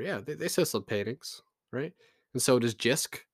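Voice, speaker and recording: A man from Canada rants in a loose, profane, sarcastic style, talking straight to his viewers. His voice sits at an average pitch for a man. The sound is close and dry, with no room echo. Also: expressive, normal speed, slightly rough. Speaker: vlogger. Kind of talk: casual rant to camera.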